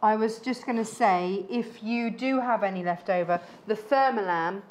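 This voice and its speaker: A woman presenting on a TV shopping craft show, upbeat with quick affirmations. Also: medium pitch, low-quality recording.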